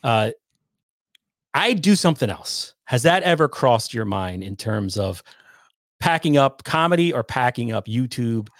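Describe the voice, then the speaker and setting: A man's voice: mid-range voice, sing-song, unhurried, dry recording. A man with a medium voice hosts a live stream, putting blunt questions to his guest between filler words and reading viewer comments aloud. His voice is heard up close and dry. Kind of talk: casual interview questions.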